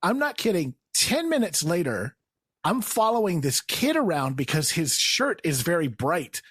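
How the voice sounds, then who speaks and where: Animated, husky man telling a wild story. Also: on the high side, normal speed, dry recording, clean studio sound. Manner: animated, acts out quotes in raised voices, laughs while telling. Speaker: guest storyteller. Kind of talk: casual comedic storytelling.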